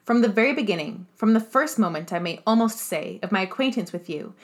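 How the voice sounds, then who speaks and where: A spirited young lady, indignant and sharp-tongued, pressing her words with force, as read by a woman narrator. Her pitch sits in the middle range, close to the reader's own voice. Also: expressive, fairly quick, close to an everyday voice. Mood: accusing. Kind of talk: audiobook character voice.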